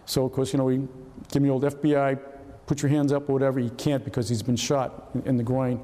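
A man's voice: mid-range voice, little pitch movement, fast, mellow. Older man telling stories in an echoey hall. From Massachusetts. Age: 70s. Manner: conversational, repeats words, acts out dialogue. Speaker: retired FBI agent giving a talk. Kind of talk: storytelling lecture with slides.

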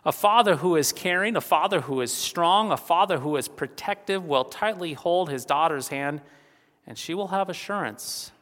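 A pastor giving a funeral sermon, earnest and steady, returning to key phrases again and again for emphasis. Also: male voice, on the high side, moderate pace, long reverb tail.

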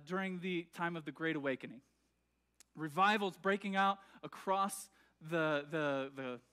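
A man's voice: high voice, sharp tone. A man preaching a sermon in a church, talking in a conversational way with many fillers and restarts and often checking that the congregation follows. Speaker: pastor. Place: church sanctuary.

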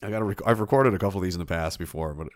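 A man's voice: low voice, rapid-fire. A man, streaming and reading chat aloud in casual, sarcastic, profane rambling. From Canada.

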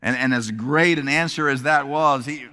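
A male preacher tells a story in a sermon, animated and switching voices for the characters. His voice is bright and forward. It rings out with a long reverb in a church hall. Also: mid-range voice, moderate pace, smooth. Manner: animated, shifts voice to act out characters.

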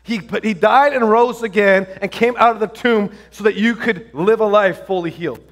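A male pastor excitedly tells stories in his sermon, full of restarts and fillers. His voice sits high and moves at a normal speed.

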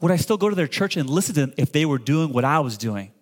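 High-voiced animated male preacher. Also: fast. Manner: animated preaching with call-and-response; stammers and repeats words when excited. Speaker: pastor. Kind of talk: sermon.

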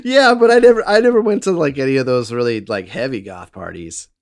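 A man's voice: medium pitch, lively intonation, a little fast, no echo, clean studio sound. A man co-hosting a podcast, chatting casually about a movie with a jokey, riffing manner. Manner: jokey, riffing, laughs often. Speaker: podcast co-host.

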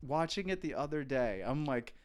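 Man, podcast co-host, smooth resonant voice, agreeable, brief replies, casual film talk. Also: medium pitch, animated, moderate pace. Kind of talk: casual film review chat.

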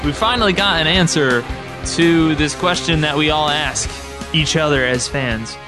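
A man's voice: fairly high pitch, normal speed, over music. A man hosting a podcast alone, talking to listeners in a chatty, easygoing way. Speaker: podcast host. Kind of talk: casual solo podcast monologue.

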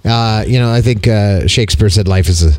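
A man's voice: lowish voice, brisk, darkish tone, dry recording. A man hosting a podcast in casual chat, joking around, laughing often and tripping over his own restarts. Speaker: podcast host.

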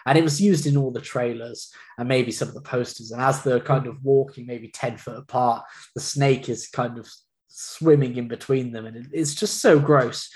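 A man's voice: mid-range voice, fairly even intonation, moderate pace, a little mellow. A man casually recapping a film, hedging with lots of fillers. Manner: hedging, easygoing, many fillers. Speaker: podcast co-host.

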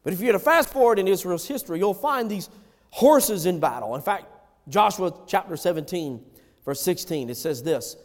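A man delivers a sermon in a high voice, rising to loud emphatic calls and then sinking to low, hushed lines. A long reverb trails after his words. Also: lively intonation, moderate pace. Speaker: preacher.

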